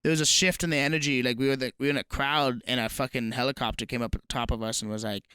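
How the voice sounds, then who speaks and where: A man's voice: medium pitch, fast talker, clear, resonant tone, no echo. A young man co-hosting a casual comedy podcast, swearing often and reading headlines aloud. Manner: profane, animated, reads headlines aloud. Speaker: podcast co-host.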